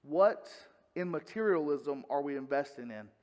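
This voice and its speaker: A man's voice: fairly high pitch, lively intonation, moderate pace, darkish tone, big-room sound. A man from North Carolina, preaching an earnest, conversational sermon with frequent restarts and self-corrections. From North Carolina, US South.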